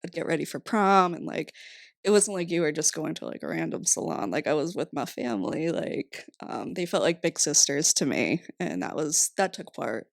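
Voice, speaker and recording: A woman's voice: deep voice, big pitch swings, moderate pace, vocal fry, dry recording, studio quality. A young woman in her twenties from Rhode Island, chatting casually as a podcast guest, laughing often and saying "like" a lot. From Rhode Island, USA. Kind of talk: casual interview chat.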